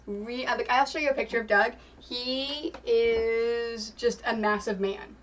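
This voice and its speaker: A young woman hosts a crafting livestream from home, her slightly high voice set back from the mic. The sound picks up clear room noise, and her talk rambles in a relaxed, chatty way. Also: measured pace, highs cut off. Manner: chatty and rambling, breaks off to hush her pets. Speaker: streamer host. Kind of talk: casual livestream chat. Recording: distant mic with steady background noise.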